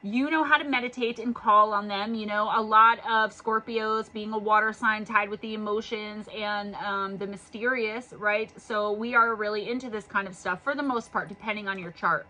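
A woman's voice: mid-range voice, steady tone, normal speed, few pauses, bright, forceful tone, low-quality recording. A woman giving an intuitive tarot reading in an earnest, urging way, her voice worn from reading all day. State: losing her voice. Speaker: tarot reader.

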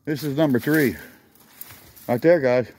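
A man's voice: medium pitch, unhurried, darkish tone, a little hiss or hum. A man walking around outdoors filming a junkyard, rambling enthusiastically as he names vehicles, a little out of breath. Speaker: vlogger. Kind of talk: casual walk-around commentary.

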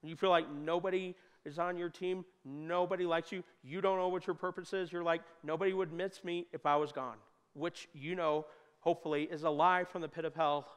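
A man preaching a sermon in a church, talking conversationally and joking, with sudden loud bursts. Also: on the high side, level tone, a little fast, smooth. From United States. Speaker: pastor. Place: church hall. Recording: long hall reverb.

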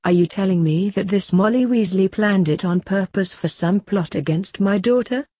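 A woman voicing a brooding, protective male vampire father, speaking low and slow. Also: darkish tone, no room sound, studio quality. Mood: angry.

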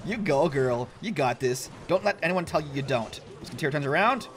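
Chatty young man with an animated voice. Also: on the high side, fairly quick. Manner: chatty, self-mocking, laughs often. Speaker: gaming YouTuber. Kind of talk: casual gameplay commentary.

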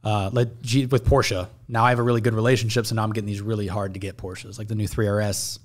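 Fast-talking low-voiced man, offhand. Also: little pitch movement. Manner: fast, offhand, trailing off quietly. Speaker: podcast guest. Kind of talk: casual podcast chat.

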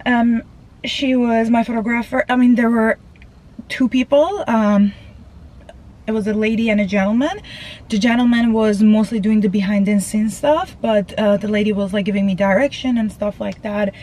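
A woman's voice: on the high side, steady tone, normal speed, dark tone, poor audio. A woman vlogging casually from inside her car, chatty and rambling with lots of fillers, a bit out of breath, recorded on a phone. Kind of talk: casual vlog chat.

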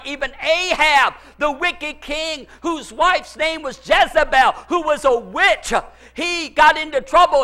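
Man, pastor, fervent sermon, very high voice, bright ringing tone, impassioned shouting. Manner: impassioned, often shouting and crying out.

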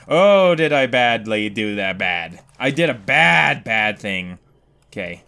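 A young man commentating a video game as he plays, swearing, panicking loudly and laughing at himself. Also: medium pitch, very animated, slow, vocal fry, smooth. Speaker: gaming commentator. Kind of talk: let's play commentary. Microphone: desk microphone.

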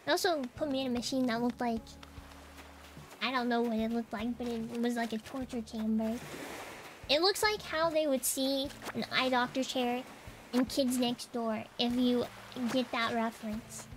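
A woman's voice: a little high, steady tone, moderate pace, noisy background. A woman chatting casually while streaming a game. She tells stories in a chatty way and giggles often. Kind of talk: casual chat while gaming.

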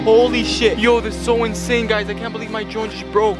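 A young man vlogging outdoors in a field, talking in excitable, slangy bursts and calling out to his viewers. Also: high voice, moderate pace. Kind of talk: casual vlog commentary. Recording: music playing loudly underneath.

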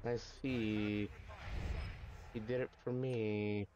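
A man giving casual, excitable gameplay commentary, swearing and making sound effects as he plays. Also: lowish voice, very slow, lo-fi sound, slight background noise.

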